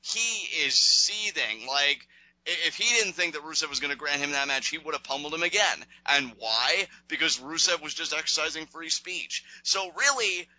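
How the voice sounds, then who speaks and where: A man's voice: on the high side, brisk, sharp tone, dry recording, poor audio. A man co-hosting a casual wrestling review show, opinionated and sarcastic, with long rambling asides. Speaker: podcast co-host.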